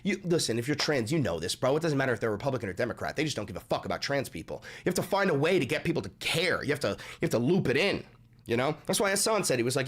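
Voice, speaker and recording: Loud profane male livestream ranter. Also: medium pitch, big pitch swings, rapid-fire. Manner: loud, profane, mocking and combative. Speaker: livestream host. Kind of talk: profane political livestream rant.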